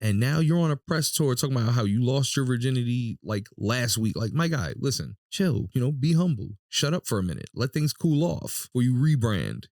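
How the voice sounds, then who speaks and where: A man co-hosting a podcast, joking loudly and acting out other people's lines in jumpy voices. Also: mid-range voice, fairly quick, creaky, hardly any pauses, no room sound, studio quality. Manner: animated joker, acts out quotes in jumpy voices. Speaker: podcast co-host. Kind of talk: casual chat.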